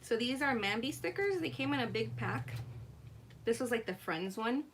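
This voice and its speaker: A woman's voice: fairly high pitch, lively intonation, moderate pace, slight background noise. Giggly woman hosting a craft livestream. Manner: giggly, laughs often, reads chat aloud. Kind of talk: casual live craft chat.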